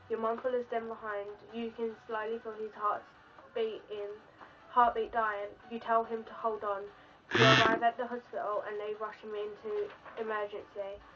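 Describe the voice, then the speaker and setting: Woman, earnest pleading storytelling, second-person narration, higher voice, flat delivery. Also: distant mic, highs cut off. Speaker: vlogger.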